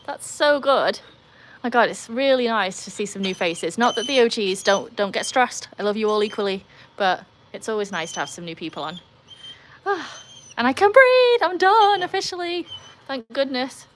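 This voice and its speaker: A woman from England with an English accent, hosting a casual live stream outdoors by a pool and chatting with viewers, her voice jumping high when she greets people. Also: moderate pace, slight background noise. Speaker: livestream host reading chat.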